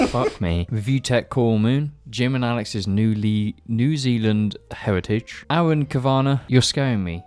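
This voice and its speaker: A man's voice: fairly low pitch, darkish tone. Jokey male podcast co-host. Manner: quick, jokey reading with interjections. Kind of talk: casual podcast banter.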